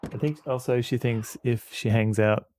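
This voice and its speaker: A man's voice: mid-range voice, fairly even intonation, normal speed, a little mellow, slight background noise. A man streaming a game, chatting casually and rambling as he answers his viewers. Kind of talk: casual gameplay commentary.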